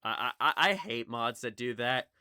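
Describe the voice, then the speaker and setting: A man's voice: medium pitch, expressive, moderate pace, sharp tone, smooth, no echo, studio quality. A young man with a slight Southern US accent from Kentucky, rambling and swearing through casual gameplay commentary. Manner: rambling, swearing, jumpy, chatty. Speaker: gaming YouTuber.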